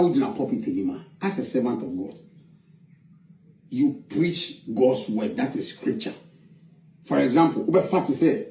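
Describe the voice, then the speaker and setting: A man's voice: medium pitch, warm tone. A Ghanaian man giving mocking, theatrical commentary that mixes scripture talk with jokes. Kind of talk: animated social-media commentary. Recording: echoey sound from a distance.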